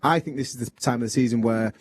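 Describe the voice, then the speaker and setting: A man giving football analysis as a studio pundit, relaxed and matter-of-fact. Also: mid-range voice, fast talker, a little hiss or hum. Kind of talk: post-match studio analysis.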